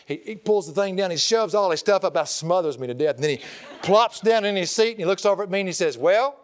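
A middle-aged man preaching, telling a folksy, animated story to an audience. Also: high voice, fast talker. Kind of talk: humorous sermon storytelling.

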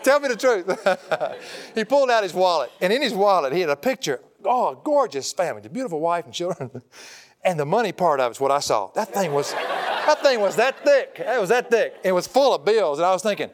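A middle-aged male preacher with a high voice, telling a story in a folksy, animated way. He swings between quiet earnest points and lively comic storytelling. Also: brisk, a little hiss or hum. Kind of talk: humorous sermon storytelling.

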